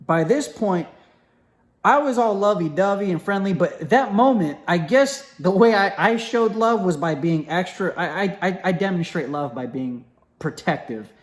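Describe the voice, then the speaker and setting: A young man tells a personal story in a loose, casual way, with a voice that sits a bit high for a man. He keeps stopping to restart his sentences and drops into quick impressions of the people he talks about. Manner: animated, acts out quoted voices, many fillers and restarts.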